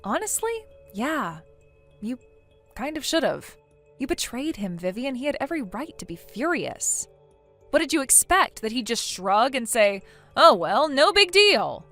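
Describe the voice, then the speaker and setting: A stern, lecturing young woman, as a synthetic voice puts her on, blunt and fed up with her friend's excuses. Her voice sits a little high and swings widely in pitch. Soft music plays faintly underneath the text-message story. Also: sing-song, measured pace, full character voice. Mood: scolding. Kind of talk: text-to-speech text story narration.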